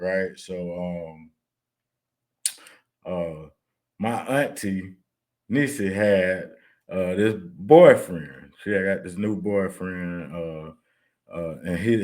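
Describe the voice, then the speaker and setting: Man, low voice, casual storytelling, loose and chatty, lots of "right?" and "uh". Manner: loose and conversational, many "right?" tags and "uh" fillers. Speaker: storyteller recalling his childhood.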